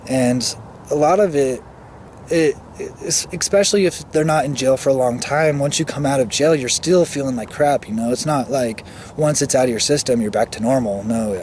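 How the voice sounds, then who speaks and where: A man talking earnestly to camera outdoors in the cold, halting with many restarts and fillers, shivering a little. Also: mid-range voice, darkish tone, a little hiss or hum. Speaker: vlogger. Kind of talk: casual monologue to camera.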